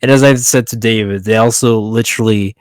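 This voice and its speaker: A man's voice: fairly low pitch, steady tone, a little fast, clear, resonant tone, no room sound. A man chatting casually with friends during a tabletop game, talking in a loose, chatty way and laughing between lines.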